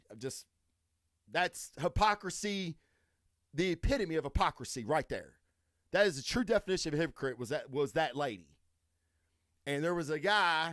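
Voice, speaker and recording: A man's voice: a little high, fairly bright tone, no room sound, studio quality. A man hosting a podcast, telling a story as a casual, profane rant and acting out his own lines as he goes. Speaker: podcast host.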